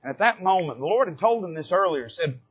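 A male pastor with a high, slightly husky voice delivers a sermon from the pulpit. He drops to quiet, low asides and then climbs to loud, emphatic peaks. The recording is dull and lo-fi, like an old church tape. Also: expressive, fast. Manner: dramatic preaching, swings from soft low asides to loud emphatic rises.

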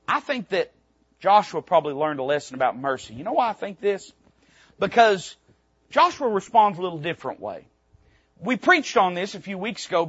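A man preaching a sermon from the pulpit, reading scripture aloud and retelling it plainly, swinging from loud emphatic peaks to quiet low passages. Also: breathy edge, dry recording, dull audio. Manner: reads scripture aloud in King James wording, then retells it plainly. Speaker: pastor. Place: church sanctuary.

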